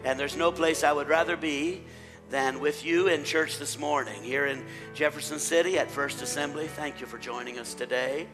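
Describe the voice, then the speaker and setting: Pastor in a reverberant church. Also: male voice, fairly high pitch, steady tone, moderate pace. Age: middle-aged. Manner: warm pulpit delivery, rising loud when rallying the congregation. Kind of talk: church service prayer and welcome. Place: church sanctuary. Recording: long church reverb with faint instrumental music.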